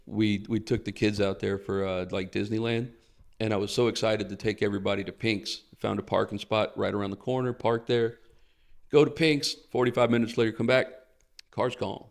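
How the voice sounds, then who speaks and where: Gravelly man telling a blunt story. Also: lowish voice, level tone, a little fast. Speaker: podcast guest. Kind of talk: casual comedy podcast chat.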